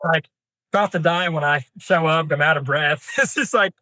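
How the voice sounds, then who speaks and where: A man's voice: a little high, steady tone, moderate pace, sharp tone, no echo. Folksy man telling a hunting story. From Kansas. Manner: rambling, folksy, many fillers and restarts. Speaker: podcast guest, deer hunter. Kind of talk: casual storytelling interview.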